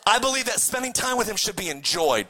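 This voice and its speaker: High, bright-voiced preaching man. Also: quick pace, slight background noise. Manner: animated, preachy, bursts into shouting. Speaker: pastor. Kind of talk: sermon.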